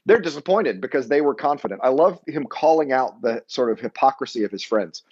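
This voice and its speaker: A man leading a weekly Bible study lesson, talking conversationally and pausing to explain terms. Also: mid-range voice, animated, darkish tone, muffled recording.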